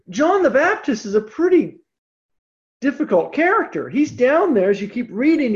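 Scripture lecturer, emphatic and lively, dull low-fidelity recording. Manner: animated, emphatic, slows down on key points. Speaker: Bible teacher.

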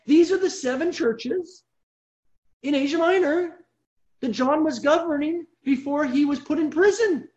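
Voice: sits high, highs cut off. A Bible study leader teaching an evening group online, telling stories vividly and checking in with the listeners. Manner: animated storytelling with frequent check-ins.

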